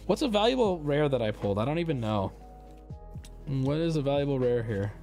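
Male streamer, casual and profane, very animated delivery over low background music. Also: a little fast. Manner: animated, swearing, jumps between loud bursts and mumbling. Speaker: streamer opening card packs. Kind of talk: casual live-stream chat.

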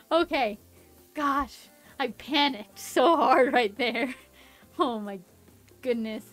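A woman streamer commentating her own gameplay, excitable and panicky, laughing often. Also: high-pitched, takes it slowly, pauses often, soft background music. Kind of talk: live game commentary.

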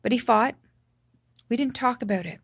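A woman from Canada telling a personal family story in a halting, emotional way, full of fillers and restarts, her voice sinking quiet at the hardest parts. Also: on the high side, breathy edge, no echo. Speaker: vlogger.

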